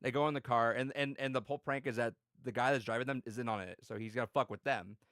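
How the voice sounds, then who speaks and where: A man on a podcast tells a story with lots of swearing and filler words. He jumps into shouted voices for the people he quotes. The sound is dry and close, with almost no room around it. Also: mid-range voice, fast, no room sound. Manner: animated storyteller, acts out quotes with loud yelling voices; swears freely, many fillers. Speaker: podcast co-host. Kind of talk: casual chat.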